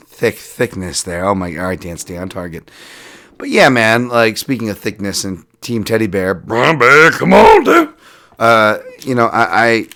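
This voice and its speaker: A man hosting a solo podcast, breaking down fights in a casual, animated way, swearing and laughing as he rambles through asides. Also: sits low. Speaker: podcast host and fight analyst.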